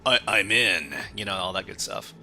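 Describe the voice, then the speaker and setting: A man's voice: low-pitched, moderate pace, bright, forceful tone, faint music behind. A man hosting a live stream, chatting casually as he works through a hacking exercise, often restarting his phrases. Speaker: stream host.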